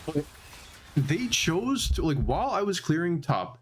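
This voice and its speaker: A man giving heated, exasperated commentary over his own gameplay footage. He talks in restless pitch swings and packs his speech with filler words. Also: sing-song, a little slow, a little hiss or hum. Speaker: gamer reviewing his own matches.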